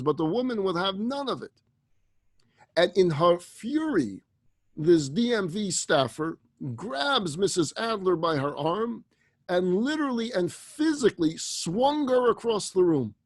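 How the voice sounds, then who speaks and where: A man, a rabbi, telling a story in a sermon, shifting dramatically between hushed and loud. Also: high-pitched, very animated, unhurried, dry recording.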